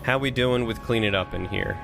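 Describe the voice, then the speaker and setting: A man's voice: fairly low pitch, brisk, gravelly, over music. A man casually thinking aloud while streaming a strategy game, chatting with and thanking his viewers. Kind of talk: casual live-stream commentary.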